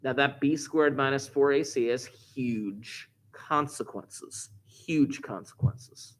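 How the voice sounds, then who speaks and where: A man's voice: mid-range voice, slow. A man teaching a class, explaining step by step and repeating key points, recorded in a classroom. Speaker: math teacher. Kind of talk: classroom lecture.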